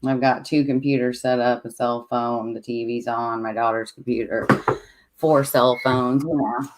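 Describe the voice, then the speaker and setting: Livestream host, medium pitch, casual chat, easygoing, thinks aloud. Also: fairly even intonation, moderate pace, a little hiss or hum. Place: home with many devices running.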